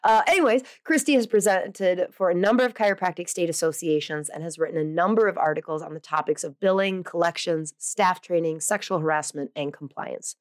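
A chatty woman hosting a podcast who rambles happily through a guest introduction. Her voice sits a bit low and lively, with frequent fillers and quick self-corrections. The sound is close and dry, with no room echo. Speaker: podcast host. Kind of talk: casual solo podcast intro.

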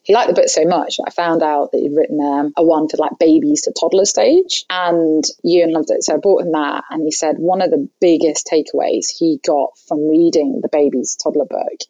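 A woman guest chatting candidly about parenting, chatty and self-deprecating with quick asides. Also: sits low, mellow, no room sound, muffled recording. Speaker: podcast guest. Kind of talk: candid conversational chat.

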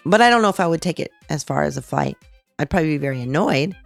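A woman's voice: deep voice, animated, quick pace, gravelly, no echo, faint music behind. A woman co-hosting a podcast, sick and congested, chatting in an easygoing, agreeable way. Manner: easygoing, agreeable, reads chat comments. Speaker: podcast co-host. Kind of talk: casual chat.

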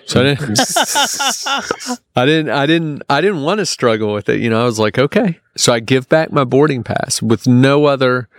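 A man telling a long personal story in casual podcast talk, full of restarts and fillers, getting animated when he quotes people. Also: medium pitch, brisk, few pauses, no room sound, studio quality. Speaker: podcast guest.

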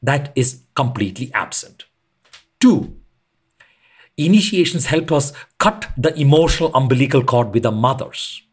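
Husky-voiced man, lively pitch. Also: moderate pace. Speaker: podcast guest, retreat leader. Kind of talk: reflective conversational explanation.

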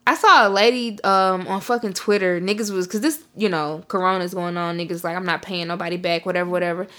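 A young woman co-hosting a podcast, telling stories in a profane, animated way and breaking into shouted outbursts. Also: medium pitch, brisk. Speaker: podcast co-host. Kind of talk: casual chat.

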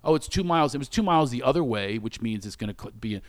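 Candid middle-aged man telling a story. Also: very fast. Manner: animated, acts out quoted exchanges with sudden high exclamations; self-reflective, speaks openly about recovery and shame. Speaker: guest telling a personal story.

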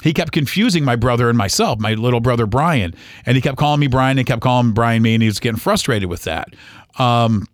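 A man in his forties, a podcast host telling a personal story in an earnest, halting way with many fillers and restarts. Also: mid-range voice, lively intonation, no echo, studio quality. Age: 40s.

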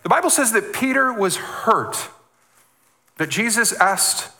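A man preaching as a guest speaker, animated, repeating words and acting out the voices he quotes. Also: sits high, unhurried. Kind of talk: sermon.

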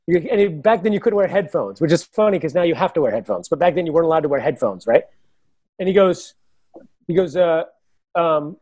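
A man's voice: sits high, darkish tone, no echo. A man who is a comedian, telling a story in casual talk, acting out both sides and swearing often. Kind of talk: casual podcast chat.

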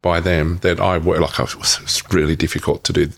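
A middle-aged man with a very low voice and plenty of gravel in it. He recounts his past frankly, in stops and restarts, with the occasional curse. His tone is candid and unpolished. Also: level tone, fast, a bit bright. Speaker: guest. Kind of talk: candid personal storytelling.

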